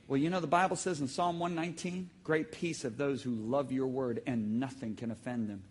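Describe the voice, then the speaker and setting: A man preaching a sermon to a congregation, telling stories with sudden shouts and emphatic, drawn-out phrases. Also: a little high, husky. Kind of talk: sermon with audience call-and-response. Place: church hall with live congregation.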